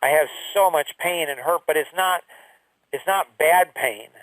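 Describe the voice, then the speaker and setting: A middle-aged man talking earnestly and haltingly, sharing a personal story of loss. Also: fairly high pitch, a bit bright, dry recording, distant mic, rough recording. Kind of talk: emotional personal talk.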